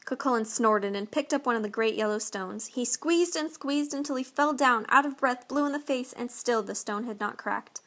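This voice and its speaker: A woman's voice: a little high, moderate pace, hardly any pauses, a bit bright. Woman narrating a folk tale. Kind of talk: storybook reading.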